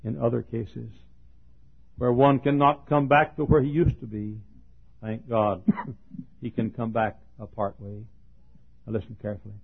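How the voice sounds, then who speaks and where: Husky folksy preacher on tinny tape. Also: male voice, medium pitch, flat delivery, a little slow, pauses often. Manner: folksy, chuckling, frequent coughs. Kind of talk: sermon with humorous storytelling. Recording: tinny phone-like sermon tape.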